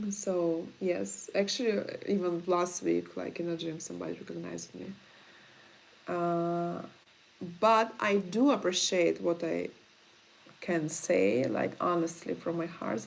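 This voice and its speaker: A woman's voice: on the low side, creaky, a little mellow. A woman with a Russian accent answering viewer questions in a casual livestream, blunt and frank in her chatty talk.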